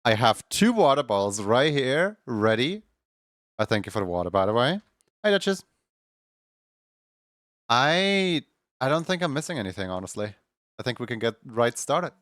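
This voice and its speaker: A man's voice: medium pitch, very animated, moderate pace, pauses often, a bit bright, no room sound, clean studio sound. A man hosting a live stream in casual chat, often stumbling over repeated words and laughing between thoughts.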